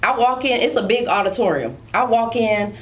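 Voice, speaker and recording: Animated woman telling war stories. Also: on the high side, moderate pace, a little hiss or hum. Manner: animated, slangy, acts out other voices. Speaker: podcast guest, military veteran. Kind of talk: casual storytelling.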